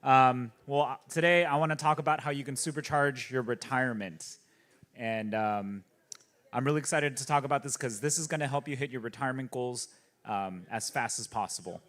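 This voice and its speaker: A man's voice: medium pitch, fairly quick, fairly bright tone. A man starting a conference talk, eager and casual, using slang. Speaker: conference speaker. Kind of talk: presentation. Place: conference stage.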